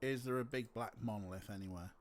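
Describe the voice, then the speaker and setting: A man's voice: on the low side, fast talker, a little hiss or hum. A man giving rambling, joking commentary while streaming a game. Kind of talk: casual gameplay commentary.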